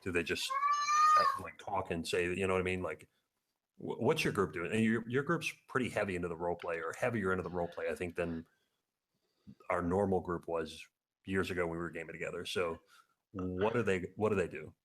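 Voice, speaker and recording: Deep-voiced podcast guy, lots of um and like, wanders around his question. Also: a little fast, fairly bright tone. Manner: meandering, filler-heavy questions. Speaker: podcast co-host. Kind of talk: casual live-stream chat.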